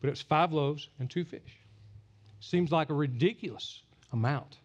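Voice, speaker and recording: A pastor delivering a sermon at a church service, animated and teasing the congregation. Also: male voice, fairly high pitch, normal speed, dull audio.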